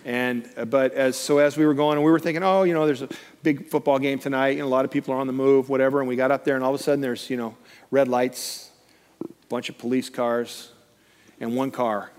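A man's voice: mid-range voice, brisk. A middle-aged man, preaching as a guest speaker and acting out the voices in his stories. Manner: animated storytelling, acting out quoted voices. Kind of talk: sermon. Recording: long hall reverb.

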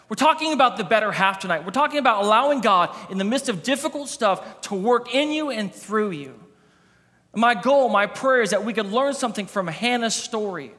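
A man's voice: sits high, bright, forceful tone. A man in his thirties, a campus pastor, preaching a sermon and telling a funny personal story, acting out the dialogue. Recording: long hall reverb.

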